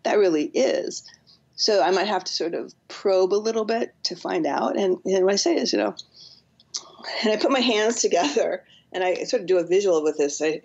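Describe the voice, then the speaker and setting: A woman's voice: mid-range voice, gravelly, darkish tone, slightly rough, highs cut off. A woman psychotherapist, a podcast guest, earnestly explaining with acted-out examples. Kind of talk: podcast interview.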